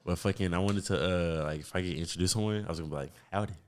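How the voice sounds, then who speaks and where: Young male podcast host from Texas, very low voice, loose and profane casual talk. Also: racing, clear, resonant tone. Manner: relaxed, rambling, profane. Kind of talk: casual chat.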